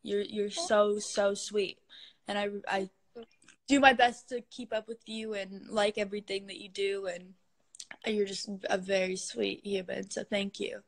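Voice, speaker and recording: A woman's voice: mid-range voice, flat delivery, a little slow. A young woman chatting with fans on a live stream from her phone, gushing and giggly, sometimes cooing at her cat. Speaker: social media star hosting a live stream.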